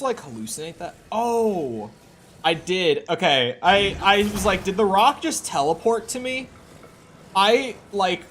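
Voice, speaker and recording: A man's voice: on the high side, a bit bright. A young man streaming a video game, talking to himself in a casual, rambling way with frequent restarts. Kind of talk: casual gameplay commentary.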